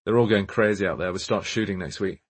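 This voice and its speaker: A man's voice: sits low, fast talker, husky. A man voicing an irritable, successful male actor in an audiobook, curt and dismissive. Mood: impatient.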